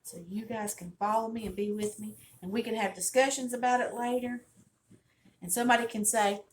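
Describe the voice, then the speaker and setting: A woman's voice: fairly high pitch, fairly even intonation, a little fast, slight background noise. A middle-aged woman with a Southern US accent hosts a casual home cooking demonstration, talking in a folksy, chatty, storytelling way from her kitchen. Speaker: cooking channel host.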